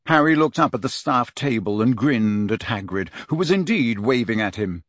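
A man reading an audiobook as narrator, in steady, measured storytelling. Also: mid-range voice, no echo, clean studio sound. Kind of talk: scripted narration.

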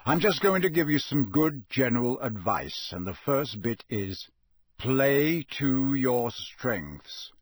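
A man voicing a gruff, blunt old male wizard in an audiobook reading, growling his lines in a husky voice. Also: medium pitch, big pitch swings, slow, no room sound, studio quality.

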